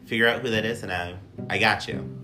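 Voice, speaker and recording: Deep-voiced chatty podcast host, a man. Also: fairly even intonation, fairly quick, pushed and bright, soft background music. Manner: chatty, playful, swears freely. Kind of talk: casual podcast chat.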